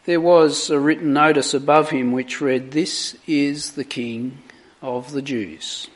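A man's voice: fairly high pitch, fairly even intonation. A man preaching a sermon, reading scripture aloud with dramatic emphasis on the quoted words before reflecting on them. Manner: slow, deliberate, dramatic emphasis on quoted lines.

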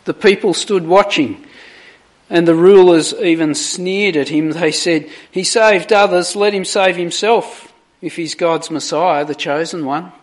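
A man whose voice sits high, with a steady tone, preaches a sermon. He reads scripture aloud slowly and deliberately, placing dramatic emphasis on the quoted words before reflecting on them.

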